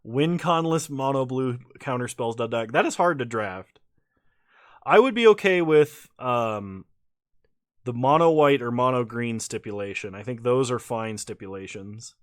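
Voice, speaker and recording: Male streamer, relaxed and lightly buzzed, lively up-and-down delivery, dry close sound, laughs a lot. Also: mid-range voice, a little slow, no echo. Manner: laughs often, relaxed and chatty. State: a little tipsy after several beers. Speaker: streamer playing a card game. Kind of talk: casual live-stream commentary.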